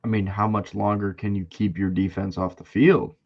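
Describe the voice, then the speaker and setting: A man's voice: lowish voice, flat delivery, normal speed, highs cut off. A young man co-hosting a podcast, chatting casually with laid-back, rambling asides. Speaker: podcast co-host. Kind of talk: casual chat.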